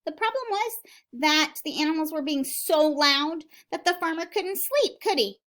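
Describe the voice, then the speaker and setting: A woman's voice: medium pitch, fairly bright tone. A woman teacher in a recorded video lesson for young children, speaking in a sing-song, questioning way and calling herself by her own name.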